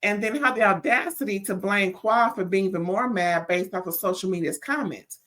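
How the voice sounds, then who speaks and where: Sassy, animated woman recapping a show. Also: medium pitch, moderate pace. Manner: animated and sassy, stammers when riled, calls listeners "child". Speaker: reality TV recap host. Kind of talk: casual chat review.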